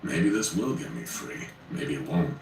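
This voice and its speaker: A man's voice: low-pitched, expressive, moderate pace, darkish tone. A man narrating a first-person horror story in a wry, conversational way. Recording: roomy, distant, faint noise.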